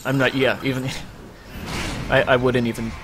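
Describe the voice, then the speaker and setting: A man's voice: mid-range voice, little pitch movement, measured pace, a bit bright. A young man co-hosting a game livestream, chatting casually, rambling with lots of fillers and the odd swear. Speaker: livestream co-host. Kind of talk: casual chat during a game stream. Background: game music.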